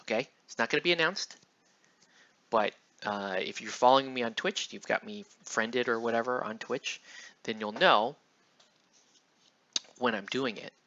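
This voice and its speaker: A man's voice: mid-range voice, moderate pace, long pauses, sharp tone. A man casually chatting and rambling while he paints miniatures on a live stream, with loose slangy talk. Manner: laid-back, rambling, slangy. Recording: dull lo-fi stream audio.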